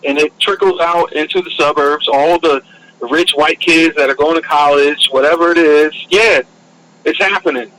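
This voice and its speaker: Bright-voiced dude ranting on a podcast, swears a lot, kinda high pitched. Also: male voice, normal speed, slight background noise, poor audio. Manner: profane, heated, emphatic. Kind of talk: casual podcast chat.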